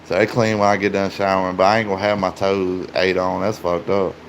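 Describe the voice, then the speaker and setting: A man's voice: low voice, little pitch movement, brisk, a little hiss or hum. A man livestreaming, chatting casually and joking profanely with his viewers.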